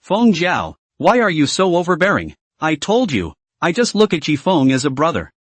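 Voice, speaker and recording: A man voicing a gentle, soft-spoken young woman in a story recap. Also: a little high, wildly swooping pitch, normal speed, dry recording. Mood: quiet.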